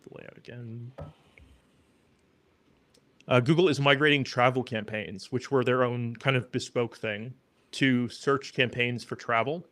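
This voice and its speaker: A man co-hosting a podcast, explaining things in a relaxed, matter-of-fact way. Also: medium pitch, measured pace, pauses often, no room sound. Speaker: podcast co-host. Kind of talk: casual explaining.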